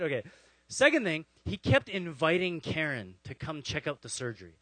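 Pastor preaching, acting out the story. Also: male voice, on the high side, big pitch swings, brisk, a bit bright, no echo, low-quality recording. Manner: storytelling, acts out voices of people in the story. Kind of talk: sermon.

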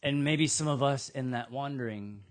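A pastor preaching a sermon in a conversational, humorous storytelling manner, speaking to a church in Austin, Texas. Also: male voice, medium pitch, moderate pace.

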